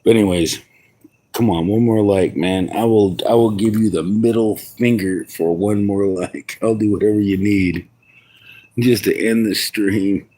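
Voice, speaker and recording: A man's voice: lowish voice, steady tone, measured pace, warm tone. A tipsy man rambling and swearing through a casual livestream outdoors at home, chuckling to himself. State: intoxicated.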